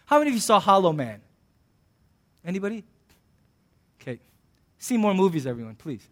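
A man's voice: high-pitched, a little fast. A male pastor preaching a sermon in a humorous, conversational way, acting out little voices in his asides. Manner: animated, acts out voices in asides.

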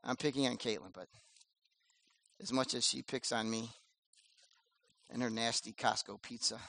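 A man preaching a sermon as pastor, animated and conversational, with casual slang. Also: medium pitch, normal speed, gravelly.

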